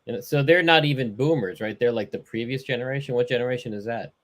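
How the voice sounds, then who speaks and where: A man's voice: mid-range voice, fast talker, fairly bright tone. A man co-hosting a podcast, talking in a hesitant way with many fillers. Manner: hesitant, explaining with lots of fillers. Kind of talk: casual chat.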